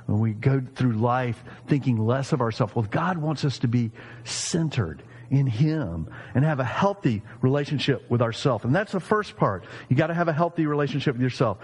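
A man in his fifties preaching a sermon, animated and jokey, acting out quoted voices. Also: medium pitch, slightly rough, in a large hall. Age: 50s. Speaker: pastor.

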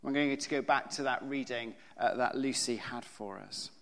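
Vicar preaching in a reverberant church. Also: male voice, medium pitch, moderate pace, vocal fry, a bit bright. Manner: chatty, informal preaching with many fillers. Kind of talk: sermon.

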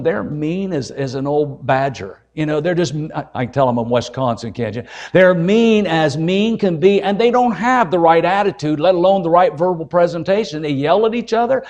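A man's voice: a little high, a little mellow. Older man preaching a folksy sermon. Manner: folksy, joking, emphatic preaching. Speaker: evangelist preacher.

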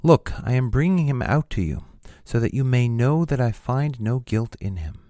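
A man voicing an uneasy, pressured Roman governor in a scripture reading, his quotes lifted in pitch. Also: animated, moderate pace, dark tone, dry recording, lightly acted. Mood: questioning.

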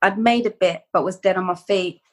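A woman's voice: mid-range voice, fairly quick. A woman, a poet guest reading her work in a blunt, slangy voice and then chatting casually. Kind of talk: poetry reading and casual chat.

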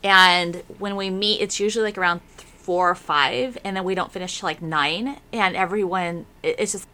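A woman's voice: fairly low pitch, fairly even intonation, normal speed, pushed and bright. A woman hosting a casual chat, giggly and chatty, steering the conversation along. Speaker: podcast host.

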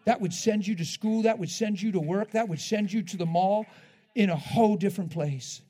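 This sermon comes from a man with a high voice who preaches with great animation and plenty of laughter. He shifts from booming, drawn-out phrases to hushed ones.

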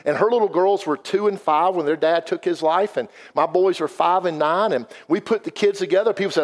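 A man's voice: sits high, animated, moderate pace. A man, giving an earnest, folksy personal testimony as a guest speaker in a church. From South Carolina. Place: church sanctuary. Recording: long hall reverb.

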